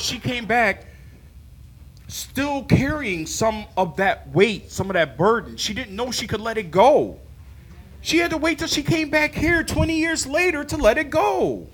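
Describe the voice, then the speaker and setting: A man delivering a sermon, his voice sitting high and swinging widely. He is animated and playful, breaking into laughter and acting out little dialogues with God. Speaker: church member preaching.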